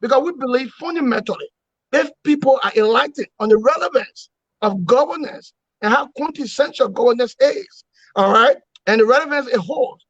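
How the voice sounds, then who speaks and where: A man's voice: very high-pitched, no room sound. A man leading an opposition movement, speaking in an interview with emphatic, repetitive oratory and rhetorical questions. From Liberia. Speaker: opposition movement leader, guest. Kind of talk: political interview. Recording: dull, dry lo-fi sound.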